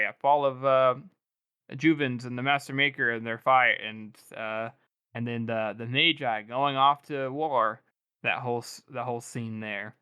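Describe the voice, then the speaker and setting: A man's voice: medium pitch, bright, forceful tone, smooth, no room sound. A male podcast co-host rambling casually as he recaps a book, with plenty of fillers.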